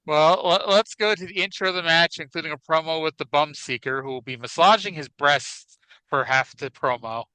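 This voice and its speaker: A man's voice: a little high, normal speed, bright, forceful tone, clear, resonant tone, no echo, rough recording. A man co-hosting a podcast, chatting casually with wry, profane humor. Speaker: podcast co-host. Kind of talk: casual chat about wrestling.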